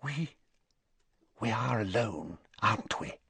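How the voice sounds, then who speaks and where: A man voicing an anxious, desperate aristocratic woman who speaks in a hushed, urgent, pleading way in a storybook reading. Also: lowish voice, lively intonation, slow pace, gravelly, slightly rough, dry recording, exaggerated voice.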